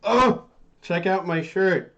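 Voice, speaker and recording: A man's voice: high-pitched, takes it slowly, a bit bright, lo-fi sound. A man in his thirties hosting a casual live stream from home, joking around and reading out comments from viewers. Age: 30s. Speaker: live stream host celebrating his birthday.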